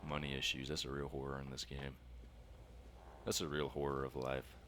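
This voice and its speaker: A man's voice: very deep voice, completely flat delivery, moderate pace, background noise. A man hosting a gameplay video, making wry, sarcastic asides and reading in-game notes aloud. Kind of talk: casual gameplay commentary.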